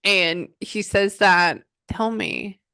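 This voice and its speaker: A woman working as a psychic medium, giving a client a reading and passing on messages in an animated, chatty way. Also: mid-range voice, slow pace, creaky, dry recording, clean studio sound. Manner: animated, relays messages in quotes, frequent "hold on".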